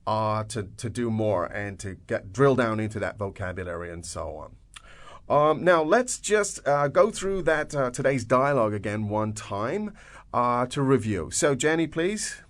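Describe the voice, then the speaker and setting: A man hosting a language podcast lesson, translating phrases and explaining words with frequent restarts and fillers. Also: mid-range voice. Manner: restarts and "uh" fillers, upbeat encouragement. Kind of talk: teaching English speakers.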